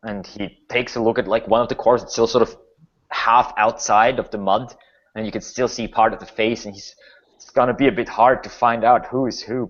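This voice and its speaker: A man's voice: medium pitch, brisk. Male game master, casual rambling narration, dull lo-fi recording. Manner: loose, filler-heavy narration. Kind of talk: narrating a tabletop horror game.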